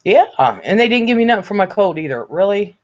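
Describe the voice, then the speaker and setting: An older man hosts a casual livestream from home, reading viewer comments aloud in a high, animated voice at a fast clip. He's chatty and blunt, swears freely, and sounds a bit congested from being ill, all on slightly dull lo-fi audio.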